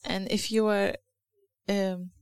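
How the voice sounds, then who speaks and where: A woman's voice: medium pitch, flat delivery, slow pace, clean tone, dry recording. A woman with a Lithuanian accent giving an informal sermon, hesitant and searching for words, reading scripture aloud. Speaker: church speaker.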